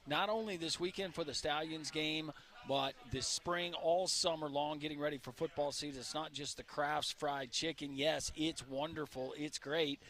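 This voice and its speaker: A man hosting live sports radio with an upbeat, salesy delivery, quick through an ad read. His voice sits a touch high for a man. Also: fairly even intonation, fairly bright tone. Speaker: radio host. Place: restaurant on location broadcast.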